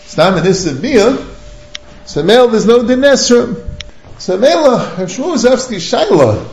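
A man giving a Talmud class, reasoning out loud in a quick, animated back-and-forth. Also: very high voice. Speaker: Talmud teacher. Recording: roomy echo.

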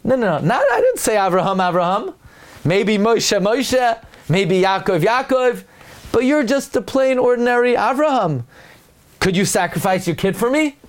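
Man playing God, high and booming, coaxing, exaggerated, mock-flattering. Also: normal speed. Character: booming voice of God addressing patriarch.

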